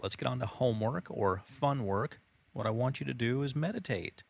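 Low creaky-voiced guy giving a motivational course lesson, repeats stuff for emphasis. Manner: emphatic, repetitive motivational delivery. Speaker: course instructor. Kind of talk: recorded online course lesson.

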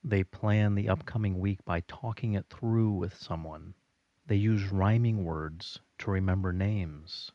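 A man giving a recorded audio lesson in a slow, steady instructional delivery. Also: low-pitched, dry recording, dull audio.

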